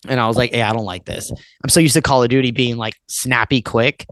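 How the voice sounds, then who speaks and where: A man's voice: mid-range voice, steady tone, fast, fairly bright tone, no room sound. Rambling, cursing man in his thirties. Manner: rambling, swears often, fills with "like". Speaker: podcast guest, musician. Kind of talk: casual podcast chat.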